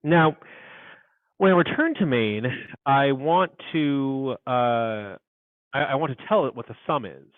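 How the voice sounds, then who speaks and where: A man's voice: mid-range voice, expressive, measured pace, no room sound, narrow, tinny audio. A man teaching a programming class, thinking aloud as he codes and muttering asides to himself. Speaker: university instructor. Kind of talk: live coding lecture.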